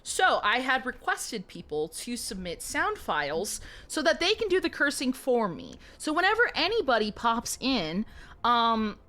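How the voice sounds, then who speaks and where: A woman's voice: fairly high pitch, huge pitch swings, unhurried, pushed and bright. A woman streamer chatting casually and giggling as she rambles to her viewers. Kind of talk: casual live-stream chat.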